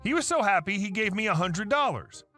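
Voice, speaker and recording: A man narrating reddit stories in a brisk, animated reading style. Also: sits high, faint music behind. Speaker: story narrator.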